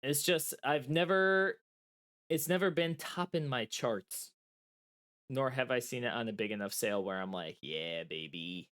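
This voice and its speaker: A man's voice: medium pitch, steady tone, a little slow, a bit bright. A man co-hosting a podcast in casual chat over a remote call, joking and playfully stubborn. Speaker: podcast co-host. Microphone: remote call mic.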